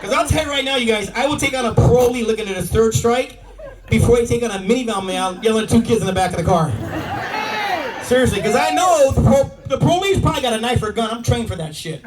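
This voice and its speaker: Brash high-voiced man doing stand-up. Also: fast talker. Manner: brash, animated, profane. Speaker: stand-up comedian. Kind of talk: stand-up storytelling. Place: live comedy venue. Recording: distant mic with a crowd, comedy club.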